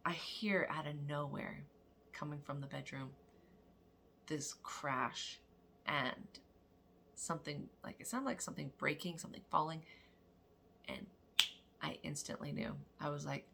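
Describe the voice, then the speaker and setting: A woman, a mother, telling a lively story in a casual spiritual vlog, acting out quotes and laughing often. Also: deep voice, gravelly, a little hiss or hum. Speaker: mother of daughters.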